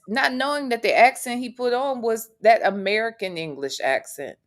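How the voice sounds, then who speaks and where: A woman's voice: a little high, moderate pace. Blunt, opinionated woman podcast host. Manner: frank and opinionated, with blunt swearing. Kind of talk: casual podcast chat.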